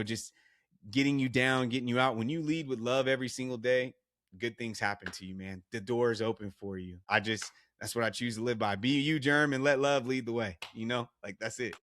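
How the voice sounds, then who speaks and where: A man, a guest on a podcast, telling a personal story in a casual, animated way, full of "like" and restarts. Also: medium pitch, fairly quick. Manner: animated retelling with many "like" and restarts. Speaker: guest, actor and artist.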